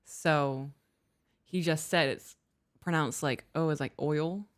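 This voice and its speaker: A woman's voice: low voice, steady tone, slow. A woman co-hosting a podcast live stream, chatting casually in a playful, giggly, self-mocking way. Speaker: podcast co-host.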